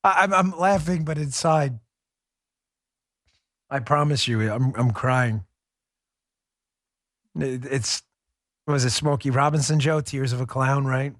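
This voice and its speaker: A man's voice: mid-range voice, takes it slowly, pauses often, a bit bright, dry recording, clean studio sound. An American man hosting a political podcast, talking sarcastically and laughing often as he mocks. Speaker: podcast host. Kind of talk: political commentary.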